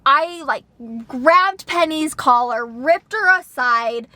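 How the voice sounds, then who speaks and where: A young adult woman vlogger telling a story in a casual, animated way. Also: sits high, slow pace, dry recording. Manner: animated, expressive retelling.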